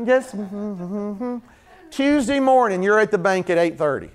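A man with a high, light voice preaches to his congregation in a church. He talks like he's chatting with them and acts out everyday scenes, then builds into fervent, repeated calls. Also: lively intonation, moderate pace. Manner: conversational preaching with acted-out scenes, rising to fervent repetition. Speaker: pastor. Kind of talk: sermon.

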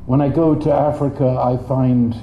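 A man preaching a sermon in an animated way, jumping up in pitch for quoted voices. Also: normal speed, slight background noise. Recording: dull, echoey room.

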